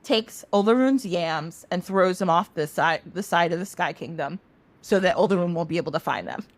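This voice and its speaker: A young adult woman hosting a podcast, retelling a myth in a chatty, animated way with casual profanity. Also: on the low side, moderate pace, dry recording. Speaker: podcast host. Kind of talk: casual mythology storytelling.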